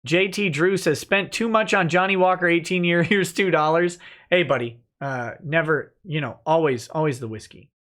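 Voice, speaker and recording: A man hosting a casual livestream, reading out viewer comments and answering them in a relaxed, joking way, with many "uh" fillers. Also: on the high side, normal speed. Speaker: lawyer and livestream host.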